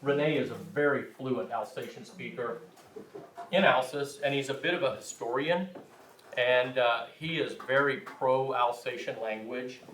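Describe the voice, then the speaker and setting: A man's voice: mid-range voice, fairly bright tone, slight background noise. A man giving a language class lecture, rambling and self-deprecating, with frequent restarts. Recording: echoey room, mic far off.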